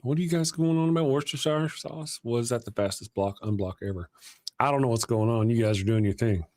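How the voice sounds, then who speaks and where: A man's voice: mid-range voice, a little fast, a little mellow. A man from Texas, co-hosting a casual live stream, joking and reading the chat aloud. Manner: joking, drawling asides, reads chat aloud. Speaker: co-host.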